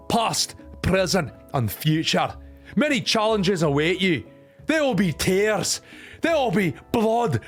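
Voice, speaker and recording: A tiny, fluffy male dog professor who barks commands in a shrill, high, yappy voice with a Scottish accent. His pitch leaps all over the place as he yells insults and woofs at the class in a game voiceover. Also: exaggerated voice. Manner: barking, shouting, crude tough-love teacher. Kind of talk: voice-acting a visual novel playthrough.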